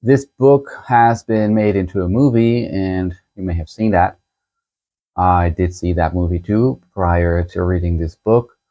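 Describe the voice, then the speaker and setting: A man hosting a book channel, chatting casually as he shows a book set and reviews a novel, unhurried and chuckling as he thinks aloud. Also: sits low, warm tone, highs cut off.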